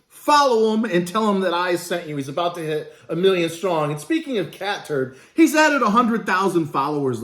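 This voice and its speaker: A man hosting his own channel, delivering a political commentary monologue full of rhetorical questions and blunt profanity. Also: high-pitched. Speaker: business channel host.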